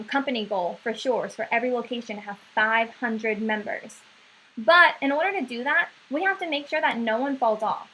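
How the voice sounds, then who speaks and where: Bright high-voiced woman trainer. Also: slight background noise, poor audio. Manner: coaching, checks in with "right?" often. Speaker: sales trainer. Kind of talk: staff training talk.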